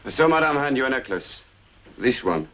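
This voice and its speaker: A man with a French accent playing a formal, deliberate police officer in a drama. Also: mid-range voice, animated, bright, forceful tone. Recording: dull lo-fi sound.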